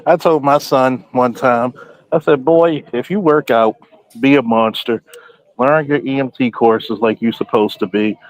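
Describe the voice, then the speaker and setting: A man's voice: mid-range voice, measured pace, no room sound, rough recording. Man, casual podcast guest, blunt and profane, keeps quoting himself as he tells a story. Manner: quotes himself often.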